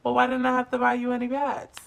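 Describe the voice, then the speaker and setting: Stern suspicious mom grilling her kid, as a young woman puts her on, pushy, higher and louder. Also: monotone, quick pace, vocal fry, a little hiss or hum. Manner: questioning, insistent. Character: stern, suspicious middle-aged mother. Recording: music playing under the voice.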